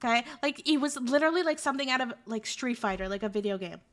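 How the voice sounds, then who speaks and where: A woman streamer telling a story in a casual, animated, rambling way with lots of fillers. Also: fairly high pitch, fast.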